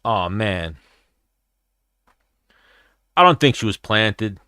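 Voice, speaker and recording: A man's voice: on the low side, lively intonation, very slow, pushed and bright, clean tone, dry recording, clean studio sound. A man hosting a casual livestream chat while watching fights, blunt, profane and rambling. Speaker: podcast host.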